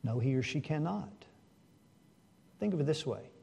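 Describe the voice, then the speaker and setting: A man preaching a sermon to his congregation, asking rhetorical questions and swinging between hushed and loud delivery. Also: fairly high pitch, expressive, moderate pace, vocal fry, breathy edge.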